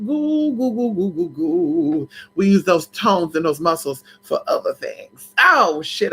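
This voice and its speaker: A spiritual vlogger chatting casually to viewers in a sassy, dramatic way, swooping up and down in pitch and breaking into laughs and shouts. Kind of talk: casual livestream chat.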